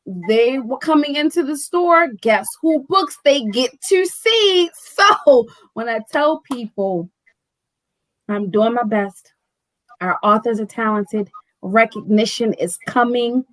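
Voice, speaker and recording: Bookstore owner, woman, high voice, lively storyteller peppering "like", dry sound. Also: takes it slowly, no room sound, low-quality recording. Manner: animated storyteller, acting out quoted dialogue; fills speech with "like" and "right?". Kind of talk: casual chat.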